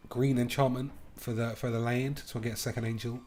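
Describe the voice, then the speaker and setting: A man's voice: medium pitch, little pitch movement, brisk, a little mellow. A man giving playful, crude running commentary on his card game as he plays, thinking aloud about each move. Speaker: gaming video host.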